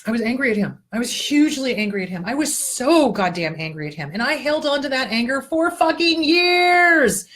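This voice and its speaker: Her voice is high-pitched, moving at normal speed with few pauses. As a therapist hosting a show, this woman coaches the listener through exercises one step at a time, offering casual self-help that's blunt, earthy, and full of profanity, with lively asides along the way.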